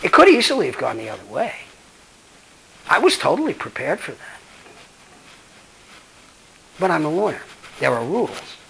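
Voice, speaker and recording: A man's voice: fairly high pitch, huge pitch swings, normal speed, vocal fry, pauses often, a bit bright, breathy edge, poor audio. A man, a law professor, giving a blunt, emphatic, profane lecture and answering audience questions.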